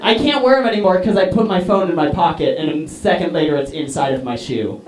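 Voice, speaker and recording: A man's voice: on the high side, fast, crowd noise. A man doing a rambling, self-deprecating stand-up set, chatting with the audience. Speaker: stand-up comedian. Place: small comedy venue. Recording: echoey venue mic from a distance with loud noise. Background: loud audience laughter and noise.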